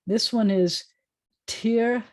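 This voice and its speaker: A woman rabbi teaching an informal online Hebrew class over a video call, chatty and joking as she sounds out words slowly. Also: on the high side, steady tone, darkish tone, no echo.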